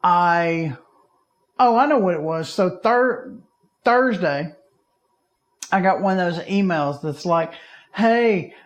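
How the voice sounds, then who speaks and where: A man's voice: sits high, slow pace, long pauses. A man, co-hosting a podcast and telling a story in casual chat, acting out the people he quotes. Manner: animated, acts out quoted people in raised voices. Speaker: podcast co-host.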